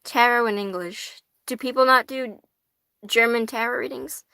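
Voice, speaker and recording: A woman's voice: a little high, steady tone, moderate pace, vocal fry, pushed and bright, clear, resonant tone, dry recording. Swearing, giggly young woman streamer. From United States. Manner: chatty, swears a lot, laughs often. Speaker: tarot livestream host. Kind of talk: casual livestream chat reading viewer comments.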